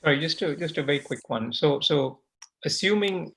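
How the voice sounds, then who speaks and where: A man on a panel asking a halting, hesitant question. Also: on the high side, lively intonation, fairly bright tone.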